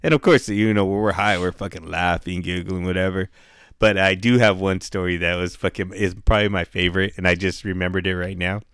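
Middle-aged man, low smooth voice, relaxed profane storyteller, dry close mic. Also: brisk, dry recording. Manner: profane, laid-back, full of "dude" and "bro", acts out quotes. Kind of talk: casual storytelling chat.

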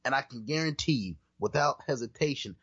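A man's voice: medium pitch, animated, fairly quick, a bit bright, breathy edge, no echo, muffled recording. A man co-hosting a podcast in casual chat, talking emphatically and restarting his sentences often. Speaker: podcast co-host.

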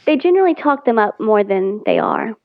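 A woman's voice: medium pitch, wildly swooping pitch, brisk, gravelly. A young adult woman as a guest, chatting easily with short replies. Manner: easygoing, brief replies, laughs often. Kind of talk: casual chat. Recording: tinny phone-like call audio.

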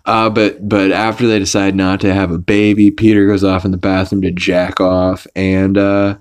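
A man's voice: low voice, little pitch movement, moderate pace, clean tone. A young man hosting a podcast, casually recapping a cartoon episode in a rambling, profane way with many restarts and fillers. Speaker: podcast host.

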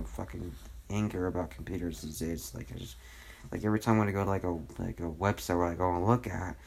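A young man rambling on his own podcast at home, swearing a lot and filling every pause with "you know" and "like". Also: low-pitched, a little mellow, slightly rough. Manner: rambling, profane, full of fillers. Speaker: podcast host. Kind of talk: casual solo rant.

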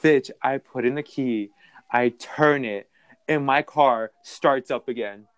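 A young man telling a story in a casual, animated and profane way, with a background. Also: mid-range voice, slow, dry recording, studio quality.

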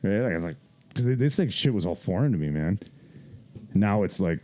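Low, mellow-voiced man swearing through a story. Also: fairly quick. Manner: profane, laughing, animated retelling with quoted voices. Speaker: podcast host telling a story. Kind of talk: casual storytelling.

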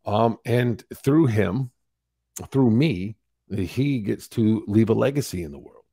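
A man's voice: on the low side, slow, breathy edge, no echo. Candid man telling his story, dry close sound. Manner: candid, animated retelling with acted-out quotes. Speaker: podcast guest. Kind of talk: storytelling interview.

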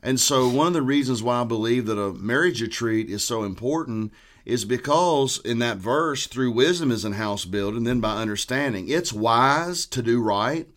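A man's voice: medium pitch, expressive, normal speed, fairly bright tone. A man, a pastor speaking earnestly and quoting scripture in conversation. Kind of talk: conversational preaching.

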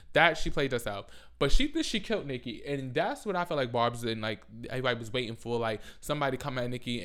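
20s Bronx man, profane and animated, casual rant to camera. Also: medium pitch. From the Bronx, New York. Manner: animated, profane, loud outbursts and laughter. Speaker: vlogger.

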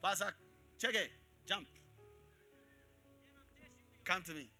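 A man preaching a live sermon to his congregation as pastor, calling out for responses and switching between shouts and quiet asides. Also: sits high, slow, soft background music. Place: church in front of a congregation.

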